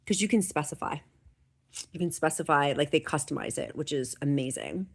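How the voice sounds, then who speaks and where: A woman's voice: sits low, animated, brisk, slightly rough. A woman hosting a live stream, chatting and reading viewer comments aloud in an encouraging way. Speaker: livestream host. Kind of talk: casual livestream chat.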